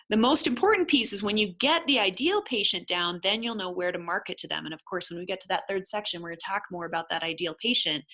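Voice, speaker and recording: A woman's voice: mid-range voice, bright, forceful tone. A middle-aged woman teaching a business webinar for chiropractors, firing off rhetorical questions at the listener. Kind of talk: webinar lesson.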